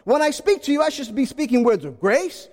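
Man, preacher, sermon, high voice, very lively, long hall reverb. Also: fairly quick. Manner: animated, rhetorical questions, acts out voices.

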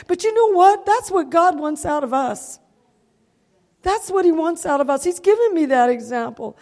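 Woman preacher, high voice, emotional, keeps asking the congregation "Amen?", long hall reverb. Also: animated, moderate pace, a little mellow. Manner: emotional, calls out "Amen?" to the crowd. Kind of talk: sermon.

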